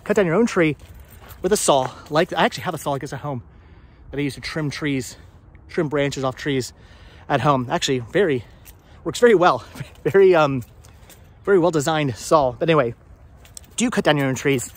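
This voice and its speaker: A man's voice: on the high side, expressive, moderate pace, long pauses. A man chatting casually to his viewers while walking around outdoors on a hilly farm, rambling and asking them questions. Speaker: vlogger.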